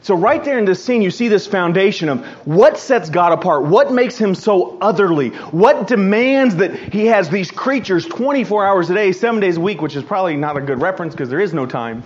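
A man's voice: high-pitched, lo-fi sound. A man preaching a sermon in an earnest, emphatic way, often repeating and restarting words.

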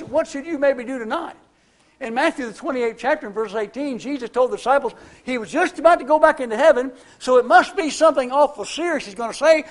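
An older man preaching a sermon, telling folksy personal stories in a conversational way. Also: very high-pitched.

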